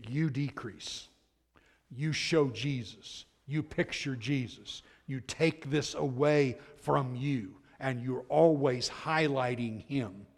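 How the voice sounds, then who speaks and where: Gravelly preaching man in a reverberant hall. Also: mid-range voice, slow. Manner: animated preaching, swings from loud to hushed. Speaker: pastor. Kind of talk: sermon.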